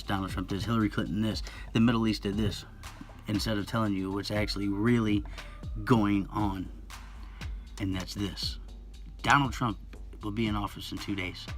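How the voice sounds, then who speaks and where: A worked-up man rants straight to camera in a home-made channel video, his pitch jumping high whenever he gets excited. He keeps repeating himself and stumbling over words, with faint music playing under his voice. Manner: agitated, rambling, repeats himself. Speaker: YouTube channel host. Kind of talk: impassioned conspiracy monologue.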